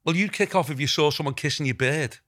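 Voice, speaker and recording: A middle-aged Scouse man from Liverpool, England chats casually on a podcast, telling long, rambling stories packed with asides. His voice is a little high and fairly bright, and he talks fast.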